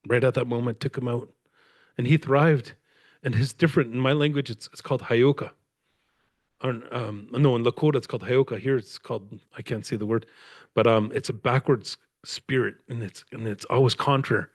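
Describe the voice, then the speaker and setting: A man's voice: mid-range voice, brisk, no echo. Male guest speaker from Canada, loose rambling storyteller with frequent laughs, dry close sound. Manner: rambling, animated, laughs often. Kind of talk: conversational storytelling. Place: lecture event with audience.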